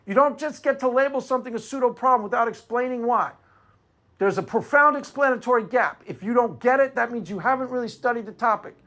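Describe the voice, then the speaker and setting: A man's voice: sits high, a bit bright. Male commentator, combative and mocking, punchy rhetorical delivery. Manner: combative, sarcastic, repeats rhetorical "Why?". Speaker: apologetics commentator. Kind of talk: argumentative monologue.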